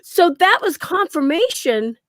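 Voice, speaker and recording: A woman telling a paranormal story in casual talk, animated, laughing often and acting out what people said. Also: extremely high pitch, measured pace, a little hiss or hum. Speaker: paranormal investigator guest.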